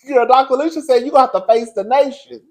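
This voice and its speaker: A man giving casual commentary on a reality show, sassy and frank, laughing often, with big swoops in pitch. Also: rapid-fire, darkish tone. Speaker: reality TV reviewer.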